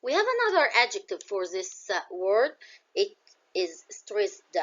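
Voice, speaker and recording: A woman's voice: medium pitch, sing-song, measured pace, a bit bright, dull audio. A woman with an Egyptian accent teaching a classroom English vocabulary lesson. She explains words in English and glosses some of them in Arabic.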